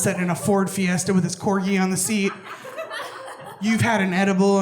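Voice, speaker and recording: A young adult woman works through a stand-up set, loud and profane, with a middle-pitched voice. She jumps up high whenever she acts out other people. The sound carries the roomy echo of a club. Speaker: stand-up comedian. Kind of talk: stand-up routine. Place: comedy club stage with laughing audience.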